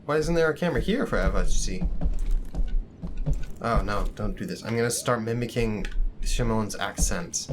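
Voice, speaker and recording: A man's voice: lowish voice, normal speed, a little hiss or hum. A man hosting a gaming channel, giving casual let's-play commentary in a jokey, rambling, self-deprecating way. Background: game music.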